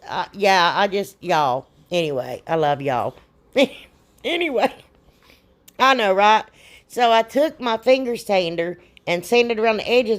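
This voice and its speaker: A woman, hosting a crafts channel, chatting in a rambling, folksy way as she talks through her projects. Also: on the low side. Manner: rambling and folksy, says y'all often. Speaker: DIY crafts channel host.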